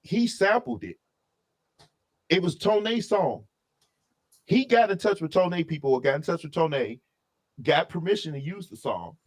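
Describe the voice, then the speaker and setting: A man's voice: high voice, unhurried, pauses often. Opinionated man in casual talk. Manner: animated, talks through restarts and asides. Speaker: co-host reviewing an album.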